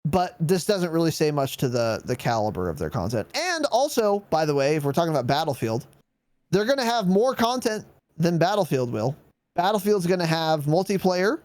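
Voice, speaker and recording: A man co-hosting a gaming podcast, talking in casual chat with a lively voice that swings up and down as he mocks corporate statements. He is sarcastic and swears freely. The sound is dry and close. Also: fairly high pitch, no room sound. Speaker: podcast co-host.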